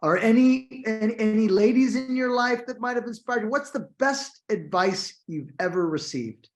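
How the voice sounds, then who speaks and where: Host asking questions slowly and gently, mid-pitch voice. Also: expressive. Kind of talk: interview.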